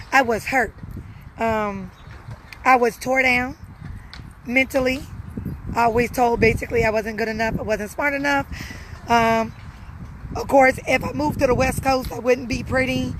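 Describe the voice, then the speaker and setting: A woman's voice: high-pitched, fairly bright tone, slight background noise, rough recording. A young woman speaking casually and earnestly to her viewers, repeating phrases for emphasis. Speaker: live streamer answering viewers. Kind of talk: casual personal talk.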